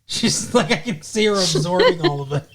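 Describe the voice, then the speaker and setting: Brief: male podcast co-host, casual recap, lots of fillers and cursing, somewhat high voice. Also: lively intonation, moderate pace, a loud crowd. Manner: rambling, many fillers and swearing.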